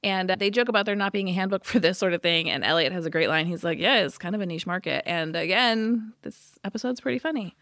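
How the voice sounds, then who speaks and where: A podcast co-host recaps a TV episode in a casual, chatty way, acting out the characters' lines. Her voice sits on the low side with a fairly bright tone, and she talks fast with hardly any pauses. The recording is dry and studio quality.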